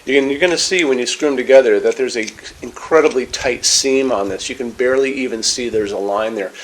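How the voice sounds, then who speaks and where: Middle-aged man, mid-pitched voice, casual showroom product walkthrough with easy step-by-step explanations. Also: fairly quick, a little hiss or hum, poor audio. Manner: chatty, explanatory, step-by-step instructions. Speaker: lighting showroom product presenter. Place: lighting showroom, indoors.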